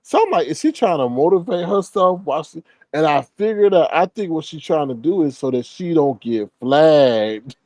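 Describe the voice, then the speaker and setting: A man's voice: fairly high pitch, animated, moderate pace, mellow, no room sound. A man hosting a reaction commentary, blunt and exasperated, with laughing asides. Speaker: commentary channel host.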